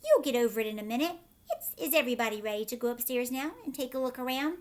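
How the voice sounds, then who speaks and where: A woman voicing a wise old male grasshopper who speaks calmly and politely to the others. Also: high-pitched, fast talker. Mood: reassuring.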